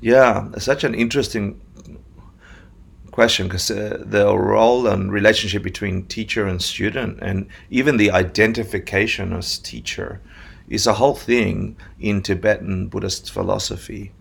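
A man's voice: fairly low pitch, steady tone, normal speed, creaky, slightly rough. A man from Buenos Aires, Argentina, telling his life story as a guest in a candid, self-deprecating way with frequent restarts. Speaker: Buddhist teacher, guest. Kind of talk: conversational storytelling.

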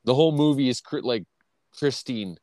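A man's voice: mid-range voice, normal speed, darkish tone, dry recording. Rambling, swearing podcast host man. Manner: rambling, heavy swearing, ranting. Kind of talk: casual profane chat.

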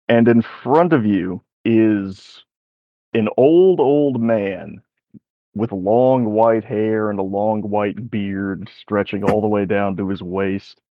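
A man narrating as game master in a slow, descriptive storytelling manner. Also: on the low side, dry recording. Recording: dry, dull sound.

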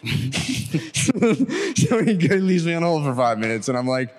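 A man's voice: a little high, measured pace, pauses often. A young man, a delivery driver, telling a story casually and animatedly, acting out the dialogue. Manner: animated, acts out quoted dialogue.

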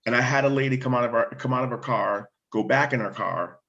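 Male fire chief, animated storyteller, mid-range voice, dull recording. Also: mid-range voice, quick pace, gravelly. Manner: animated, restarts words, acts out dialogue. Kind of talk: conversational storytelling.

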